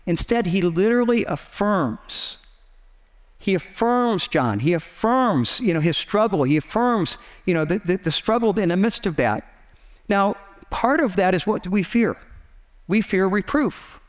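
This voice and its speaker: A man's voice: sits high, animated, normal speed, big-room sound. A man preaching a sermon as pastor, earnest and conversational, with frequent restarts and asides.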